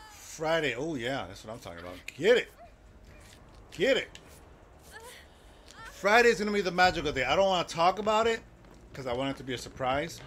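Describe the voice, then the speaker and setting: A man's voice: a little high, pushed and bright, slight background noise. A man streaming a video game, chatting loosely with his viewers and reacting to the game as he plays. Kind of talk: casual live-stream chat while gaming.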